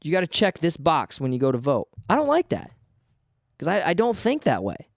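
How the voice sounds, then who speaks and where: On his solo podcast, a man goes on a casual rant full of profanity and false starts. His fairly high, gravelly voice swoops wildly in pitch at a normal speed, captured at studio quality with no room sound.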